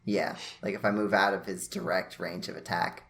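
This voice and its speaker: A man's voice: low-pitched, little pitch movement, moderate pace, gravelly, fairly bright tone. A man playing a tabletop game, asking questions and joking about his character. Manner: playful, questioning. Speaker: player. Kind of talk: casual tabletop game banter.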